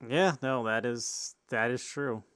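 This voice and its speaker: A man's voice: mid-range voice, slow pace, fairly bright tone, clear, resonant tone, no room sound, studio quality. A man co-hosting a sports podcast in casual banter, mostly giving short, laid-back replies. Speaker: podcast co-host.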